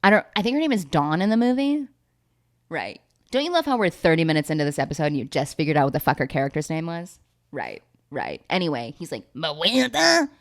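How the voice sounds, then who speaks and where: A woman's voice: low-pitched, sing-song, fast. A young woman vlogger giving a rambling, sarcastic, casual movie recap that is full of swearing.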